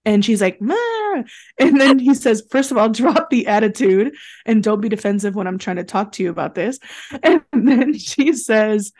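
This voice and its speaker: A woman's voice: medium pitch, moderate pace. A young woman co-hosting a casual podcast chat, retelling what people said with lots of laughs. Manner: chatty, giggly, acts out quotes in a flat deadpan. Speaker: podcast co-host recapping a reality show.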